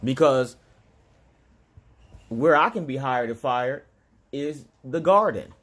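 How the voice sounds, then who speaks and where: A man's voice: mid-range voice, expressive, slow pace, fairly bright tone. A man talking straight to his viewers in a loose, digressive monologue, often restarting and chuckling between points. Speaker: vlogger. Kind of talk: casual rambling monologue.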